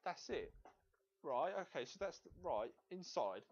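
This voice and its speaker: A man's voice: on the high side, unhurried, slightly rough. Ranting, swearing man, lo-fi. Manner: exasperated, swears constantly, animated rant. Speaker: gaming video host. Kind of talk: profane ranting review. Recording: dull lo-fi home recording.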